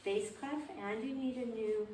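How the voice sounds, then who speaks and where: A woman's voice: on the high side, steady tone, normal speed, darkish tone. Woman violin teacher, patient questioning manner, echoey classroom, heard from a distance, faint background hum. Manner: patient, asks students questions. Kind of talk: group music theory lesson. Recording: echoey room, voice from afar.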